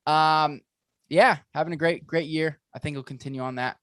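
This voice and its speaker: A man co-hosting a fantasy football show, talking excitably in a rambling way, with lots of restarts and fillers. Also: medium pitch, normal speed, clean tone, dry recording, studio quality. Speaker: fantasy football podcast co-host. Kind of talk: casual sports analysis chat.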